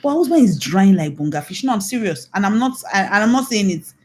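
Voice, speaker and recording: A woman's voice: medium pitch, very animated, fast talker, darkish tone, a little hiss or hum. A middle-aged Nigerian woman pastor giving a mentoring talk, emphatic and scolding, repeating her warnings. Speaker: pastor and infidelity recovery coach.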